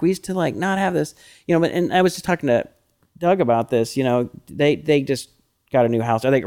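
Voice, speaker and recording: A middle-aged man co-hosting a podcast, chatting casually with lots of fillers and animated when he quotes himself. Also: medium pitch. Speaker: podcast co-host. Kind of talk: casual chat.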